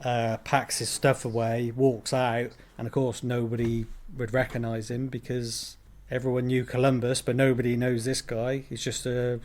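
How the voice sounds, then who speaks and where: A man guest on a podcast in casual chat, relaxed storytelling with the odd swear. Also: mid-range voice, normal speed.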